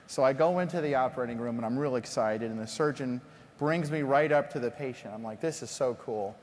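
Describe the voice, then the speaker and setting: A middle-aged man, a company founder, being interviewed onstage and telling animated stories that act out dialogue. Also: mid-range voice, brisk, slight background noise. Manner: animated storyteller, acts out dialogue. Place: conference stage before an audience. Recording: long hall reverb from stage.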